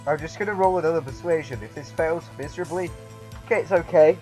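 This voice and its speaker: A man calls for rolls in a tabletop game, laid-back and often giggling. His voice is mellow and dark. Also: fairly high pitch, fast talker, soft background music. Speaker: player.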